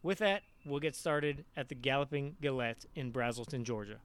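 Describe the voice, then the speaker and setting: A man's voice: medium pitch, moderate pace, fairly bright tone, clear, resonant tone. A man hosting a podcast, chatty and enthusiastic, rambling loosely as he talks. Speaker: podcast host. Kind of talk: casual podcast intro and interview. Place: restaurant.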